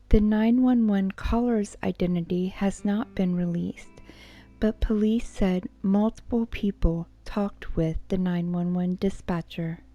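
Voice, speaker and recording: A woman whispering a true crime account as a soft-spoken ASMR narrator. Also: medium pitch, no echo, highs cut off. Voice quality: unvoiced whisper. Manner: soft-spoken, measured storytelling.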